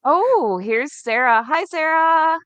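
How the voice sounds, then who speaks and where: A woman co-hosting a live video chat, upbeat and welcoming, greeting viewers and chiming in with quick agreement. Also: sits high, animated, fairly bright tone, dry recording. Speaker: self-published author, co-host. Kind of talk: casual live-stream chat.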